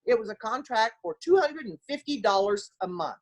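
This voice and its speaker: An older woman from small-town America, her voice on the high side and brisk, tells stories during a casual interview. A former basketball player appearing as a guest, she's an animated storyteller who acts out what people said and laughs often as she goes.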